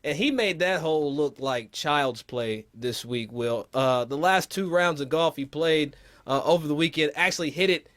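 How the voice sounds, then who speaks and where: A man co-hosting a golf talk show, chatting casually with animated, playful slang. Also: on the high side, normal speed. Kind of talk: casual sports chat.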